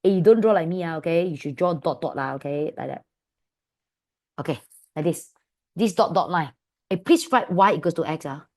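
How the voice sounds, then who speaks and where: A woman with a Malaysian English accent teaching an online maths class, calling her students "my dear" and asking them quick questions. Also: lowish voice. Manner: affectionate, calls students "my dear"; lively, asks many quick questions. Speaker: maths tutor.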